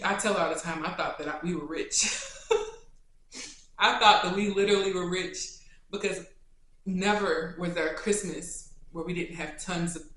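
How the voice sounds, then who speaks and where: A young adult woman vlogger answering questions in a casual, chatty, animated way. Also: fairly low pitch. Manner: chatty and animated, turning tender and choked up. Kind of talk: casual Q&A chat to camera. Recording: echoey room.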